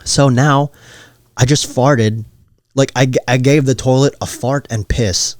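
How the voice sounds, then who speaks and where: A man's voice: medium pitch, fairly even intonation, measured pace, no room sound, studio quality. Slangy young man telling stories. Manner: rambling, joking, slangy. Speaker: podcast host. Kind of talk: solo podcast storytelling.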